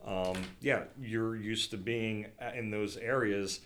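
Bright-voiced middle-aged man rambling casually. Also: lowish voice, fairly even intonation, takes it slowly, slight background noise. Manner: rambling, filler-heavy, with self-restarts. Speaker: outdoor program leader, veteran. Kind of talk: casual podcast chat.

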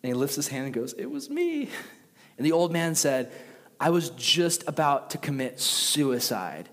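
A young man preaching a casual youth sermon who tells stories with lively voices for the characters. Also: moderate pace, in a large hall. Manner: animated storytelling, acts out characters with jumps in pitch. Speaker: youth pastor.

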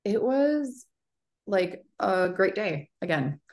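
A woman in her thirties, co-hosting a podcast, telling an animated story in casual chat with plenty of fillers. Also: medium pitch, slow pace. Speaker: podcast co-host.

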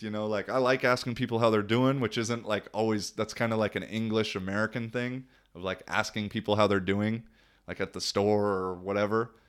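A young man talking casually in a loose, slangy way, laughing often as he tells stories about living abroad. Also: on the low side. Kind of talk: casual vlog monologue.

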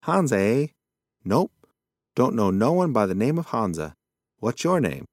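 A man's voice: medium pitch, sing-song, unhurried, no room sound, studio quality, voice pushed up. A man voicing a forgetful old male possum who rambles in a folksy, muddled way. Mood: rambling.

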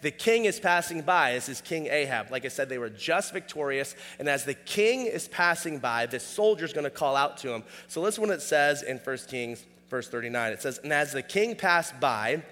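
A man's voice: mid-range voice, expressive, normal speed, few pauses, a bit bright, long reverb tail. A man preaching a sermon in a casual, conversational way, often asking "all right?". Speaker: pastor.

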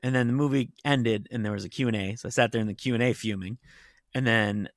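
A man's voice: medium pitch, fast, no room sound, clean studio sound. A middle-aged man, a TV writer, telling stories in casual chat, rambling with lots of fillers and the odd curse. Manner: rambling storytelling full of "like" fillers and profanity. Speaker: TV writer and novelist.

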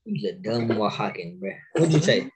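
A man's voice: lowish voice, very animated, normal speed, background noise. A man co-hosting a casual podcast, talking in blunt, streetwise slang and teasing his co-host.

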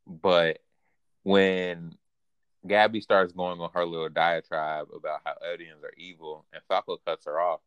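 A man's voice: low-pitched, flat delivery, a little slow, fairly bright tone, smooth, no echo, dull audio. A man co-hosting a casual recap podcast, talking animatedly, laughing often and quoting characters in a raised voice. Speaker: podcast co-host. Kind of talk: casual anime recap chat.

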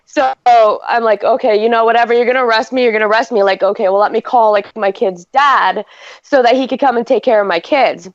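A woman's voice: a little high, a little fast, dry recording, lo-fi sound. A woman and mother, telling a story in casual chat, rambling with lots of "like" and swearing.

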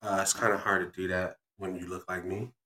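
Laid-back rambling American dad podcaster. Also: male voice, low voice, little pitch movement, a little fast, sharp tone, roomy sound. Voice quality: rambling, loose, with many fillers like 'like'. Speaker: podcast co-host, father. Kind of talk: casual chat.

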